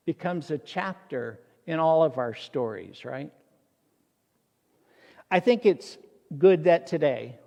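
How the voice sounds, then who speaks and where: A man's voice: fairly high pitch, a little mellow, in a large hall. A male pastor preaching a sermon in a church, in a storytelling manner.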